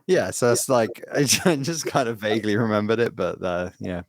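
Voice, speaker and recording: A man's voice: on the low side, animated, moderate pace, no echo. A man co-hosting a podcast in casual chat, rambling and swearing freely. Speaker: podcast co-host.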